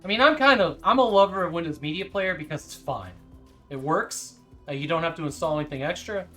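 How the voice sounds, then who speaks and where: A man's voice: a little high, fairly quick, sharp tone, faint music behind. A man hosting a casual news stream, talking in a rambling, chatty way. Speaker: stream host.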